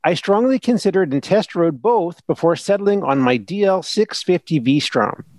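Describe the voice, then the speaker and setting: A man's voice: high-pitched, animated, normal speed, darkish tone, dry recording. A man doing a folksy Minnesota-accented fan. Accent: put-on Upper Midwest, Minnesota. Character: earnest male Midwestern motorcycle fan writing in. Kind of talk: reading a listener email aloud.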